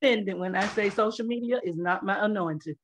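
A woman's voice: medium pitch, brisk, faint music behind. A woman joining an online call, chatting casually in an earnest, affirming way. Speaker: caller. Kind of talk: casual chat. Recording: dull lo-fi call audio.

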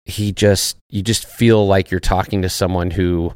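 A man's voice: deep voice, level tone, a little slow, a little mellow, dry recording, clean studio sound. A man talking as a podcast guest in casual chat, laid-back and profane, searching for his words. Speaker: podcast guest, actor and former soldier.

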